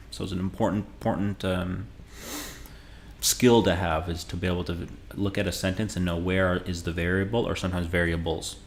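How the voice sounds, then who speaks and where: In this casual video lesson, a man whose voice is very deep and low teaches beginner Spanish in an easygoing, chatty manner. Each phrase gets a slowed-down, clear demonstration, and soft room noise plus the tapping of a keyboard can be heard faintly behind him.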